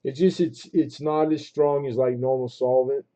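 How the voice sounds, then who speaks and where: A man's voice: medium pitch, steady tone, normal speed, mellow. A man hosting a coin auction livestream, rambling casually with many fillers and restarts, calling out last bids. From Southern California. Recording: dull lo-fi stream audio.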